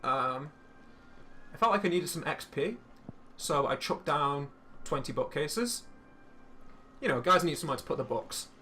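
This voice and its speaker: A young man telling a story in casual chat while streaming a game, swearing freely and animated. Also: fairly high pitch, measured pace, pauses often, faint music behind.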